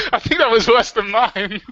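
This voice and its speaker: This livestream co-host has a high voice that sounds pushed and bright, with no room echo. In a casual, jokey chat he reads viewer comments aloud, and the stream audio is dull and lo-fi.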